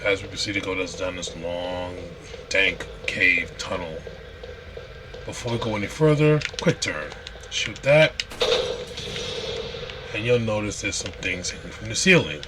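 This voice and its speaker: Low-voiced man talking through a game. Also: a little slow, long pauses. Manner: relaxed, explains while playing, with restarts. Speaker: game streamer. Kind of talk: casual gameplay walkthrough. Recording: noisy stream audio.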